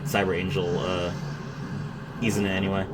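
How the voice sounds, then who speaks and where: A man's voice: sits low, level tone, normal speed, very noisy. A man giving casual, blunt commentary while rating game animations, with many filler words. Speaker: game reviewer host.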